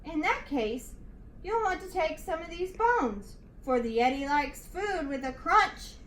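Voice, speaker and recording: A woman voicing an indignant female monster who takes offense quickly, outraged and huffy. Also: sits high, expressive, fairly bright tone, a little hiss or hum. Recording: echoey room, distant mic.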